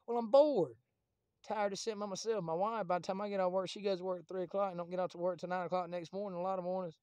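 A man's voice: sits high, fairly even intonation, rapid-fire, a little mellow, clean tone, no echo, dull audio. A man rambling casually and profanely to his camera as a vlogger.

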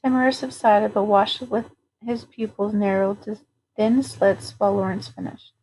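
A woman narrating a novel aloud at a steady, even pace. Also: mid-range voice, normal speed, slight background noise, rough recording. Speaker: audiobook reader.

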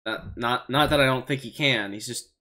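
A man's voice: mid-range voice, moderate pace, bright, forceful tone. A man streaming a video game, reading its text aloud between jokes and swearing. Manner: jokey, profane, reads game text aloud. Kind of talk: casual gameplay commentary.

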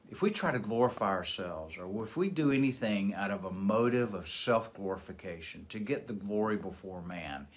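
A man with a lowish voice gives a daily Bible devotional. He reads scripture aloud, then explains it steadily, pausing on fillers and restarting phrases as he thinks. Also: fairly bright tone. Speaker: pastor.

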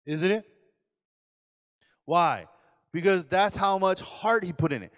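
Animated pastor in a reverberant hall. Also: male voice, high-pitched, takes it slowly, long pauses. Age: 40s. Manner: animated, acts out quoted voices, asks audience questions. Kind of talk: sermon lecture.

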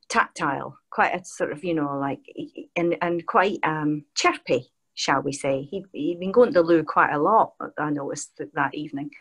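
A Scottish woman with a fairly low-pitched voice, telling a long anecdote in a lively, rambling way. She fills her speech with "like" and "you know" as she tells the story as a podcast guest. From Scotland. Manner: animated, rambling anecdote with many fillers. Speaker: guest, author and broadcaster.

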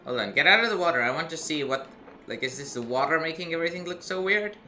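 A man's voice: fairly high pitch, lively intonation, fast, sharp tone. A man doing casual gameplay commentary, chatty with self-mocking asides. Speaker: let's play gamer.

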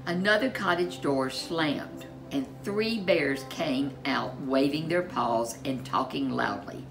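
A woman reading a children's storybook aloud as narrator, in an expressive, unhurried way. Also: low voice, creaky, over music.

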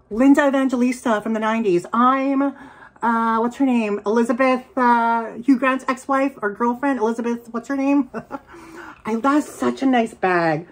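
A woman chatting casually as she unboxes and reviews secondhand bags, excitable and quick to gasp and laugh. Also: fairly high pitch. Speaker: reseller vlogger.

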